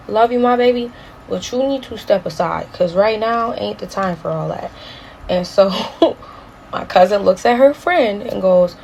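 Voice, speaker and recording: A young woman tells a story to her viewers, full of profanity and acted-out dialogue. Her voice sits mid-pitch, and a faint hiss runs behind her. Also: creaky, low-quality recording. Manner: animated, profane, acts out quotes. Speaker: vlogger telling a story. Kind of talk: casual storytelling.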